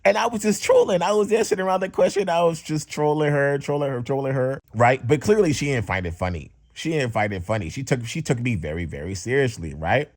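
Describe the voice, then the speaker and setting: Young man, storytime vlogger, lively animated pitch, slangy, dry close sound. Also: brisk, few pauses, no room sound. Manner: animated, slangy, repeats bro. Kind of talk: casual storytime.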